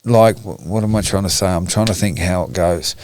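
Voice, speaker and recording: Low-voiced man, frank and emotional. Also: a little fast, darkish tone, slight background noise. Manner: frank, emotional, swears often. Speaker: podcast guest. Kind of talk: candid conversation.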